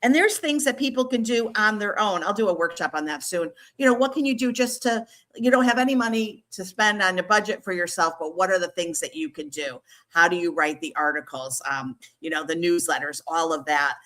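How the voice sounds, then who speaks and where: A woman's voice: on the low side, a bit bright. A middle-aged woman speaking as a podcast guest, chatting enthusiastically and promotionally. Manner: enthusiastic, quick to laugh, promotional. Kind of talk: casual interview chat.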